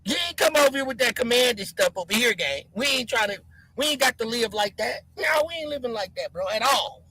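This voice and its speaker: A live stream host giving heated commentary, answering chat and mocking commenters by name while shouting. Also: medium pitch, animated, a little fast, breathy edge, dry recording, poor audio.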